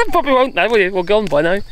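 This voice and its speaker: A woman's voice: mid-range voice, lively intonation, rapid-fire, a little hiss or hum. A woman vlogging outdoors while walking her dogs, ranting in an exasperated, sarcastic, chatty way. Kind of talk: ranting political vlog.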